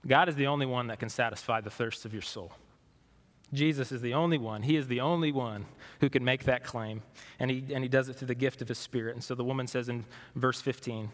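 A man preaching a sermon as pastor, conversational and questioning, moving between animated and hushed delivery. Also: mid-range voice, a little fast, long reverb tail.

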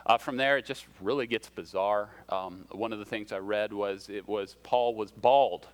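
A man's voice: on the low side, moderate pace, clear, resonant tone. A man preaching a sermon as a pastor, in a conversational way with self-deprecating humor and shifting emphasis.

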